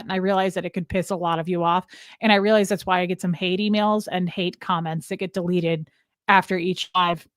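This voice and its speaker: Speaking in a mid-range voice, a woman hosts a relaxed livestream, hopping between topics and calling out viewers by name. No room sound comes through, and the audio is clean studio quality.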